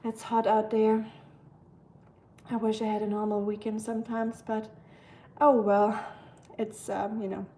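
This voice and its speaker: A woman's voice: a little high, little pitch movement, measured pace, mellow, a little hiss or hum. A young German woman hosting a casual livestream, chatting with viewers and rambling with lots of fillers, sounding tired. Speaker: livestream host. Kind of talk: casual livestream chat reading comments.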